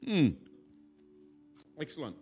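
A man's voice: slow, mellow, muffled recording, soft background music. Playful man preaching a sermon. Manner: informal, playful, acts out scenes. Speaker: pastor. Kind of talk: sermon with a live demonstration. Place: church.

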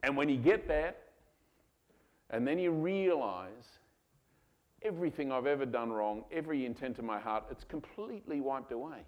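A male pastor preaching a sermon to his congregation, animated and given to acting out voices. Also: mid-range voice, moderate pace, lo-fi sound. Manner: animated, acts out voices of God and children. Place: church hall.

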